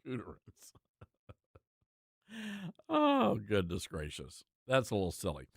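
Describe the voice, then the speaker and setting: A man's voice: fairly low pitch, wildly swooping pitch, slow pace, creaky, no echo, clean studio sound. A man hosting a talk show, chatting casually and joking with laughing asides. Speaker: host.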